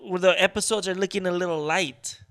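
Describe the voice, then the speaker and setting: Podcast co-host, man with a bright, slightly high voice, dry and teasing in casual chat. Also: fairly even intonation, a little fast.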